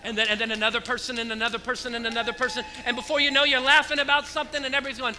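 A man preaching a lively sermon to his church, asking the congregation rhetorical questions. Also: very high voice, rapid-fire, few pauses, low-quality recording. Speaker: pastor.

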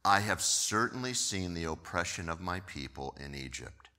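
A preacher giving voice to a solemn commanding God. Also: male voice, sits low, animated, normal speed, bright, forceful tone, pitched below the performer's own voice.

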